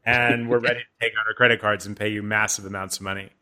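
Bright-voiced American man hosting a podcast. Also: fairly low pitch, little pitch movement, fast talker. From United States. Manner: joking, teasing, asks questions. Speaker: podcast host. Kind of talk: casual podcast chat.

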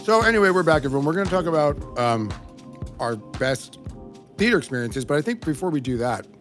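A man in his thirties co-hosting a podcast in casual chat, swearing often and rambling with animated energy. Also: fairly high pitch, fairly quick, faint music behind. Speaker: podcast co-host.

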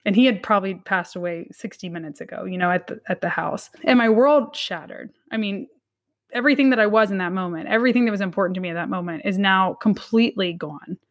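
A thirtysomething woman, interviewed as an academic, talks through a personal story sincerely but haltingly, often restarting. She speaks in a mid-range voice.

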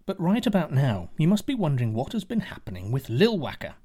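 A man's voice: a little high, huge pitch swings, fairly quick, dark tone, slightly rough. Man narrating a fairy tale. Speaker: storyteller.

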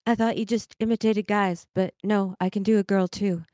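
A woman's voice: medium pitch, fairly even intonation, normal speed, mellow, no echo, clean studio sound. A woman guest in casual chat, playful and punning, with hesitant restarts. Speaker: guest singer and podcaster.

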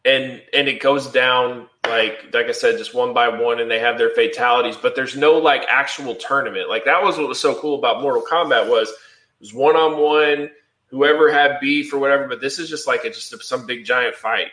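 A man co-hosting a podcast, talking in a loose, rambling way with a steady stream of fillers. His voice is bright, and the room rings with echo. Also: mid-range voice, normal speed. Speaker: podcast co-host. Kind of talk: casual chat.

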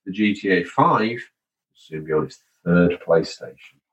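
A man's voice: sits low, expressive, measured pace, highs cut off. A man hosting a casual gaming podcast, chatty and wry, reading out listener messages. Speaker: podcast host.

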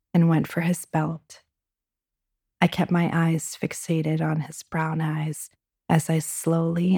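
A woman with a slightly low voice narrates her own dating misadventure for a podcast. She tells it intimately, sometimes sinking to a near whisper and then snapping into dry, sarcastic commentary. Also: vocal fry, breathy edge. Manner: intimate, dropping to a hushed whisper for racy moments; wry, sarcastic asides. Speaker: podcast host. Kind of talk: personal storytelling narration.

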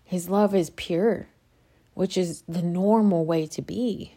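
A woman's voice: fairly low pitch, slow pace, dark tone, slightly rough. A woman speaking casually and with passion about her faith, rambling and interrupting herself as she gets worked up. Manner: impassioned, rambling, self-interrupting. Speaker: faith vlogger. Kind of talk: casual spiritual monologue.

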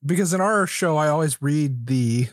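A man guesting on a podcast, telling things quickly with amusement. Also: a little high, expressive, no room sound, clean studio sound. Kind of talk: casual podcast chat.

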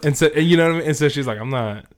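A man's voice: fairly high pitch, very fast. A young man in casual chat, telling stories in a laid-back way and laughing often.

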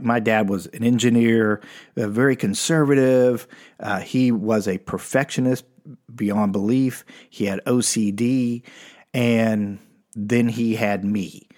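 A man from Texas doing stand-up storytelling, animated and chuckling, who jumps into high mocking voices. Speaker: stand-up comedian.

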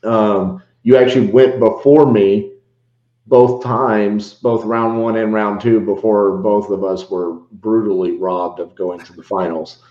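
A low-voiced man hosts a casual podcast conversation, rambling and animated, often restarting his sentences. The recording sounds dull and lo-fi, with echo from the room around him. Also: measured pace.

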